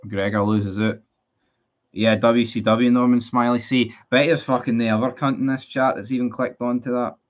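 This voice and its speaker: A man's voice: mid-range voice, flat delivery, moderate pace, highs cut off. A Scottish man streaming a live football watchalong, chatting with his viewers, frustrated and sweary about his team. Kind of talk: live match watchalong commentary.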